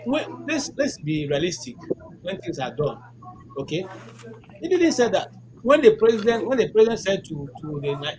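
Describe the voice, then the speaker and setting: A man arguing in a group discussion, posing rhetorical questions with many fillers. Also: fairly high pitch. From Nigeria. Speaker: discussion participant. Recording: noisy background hiss.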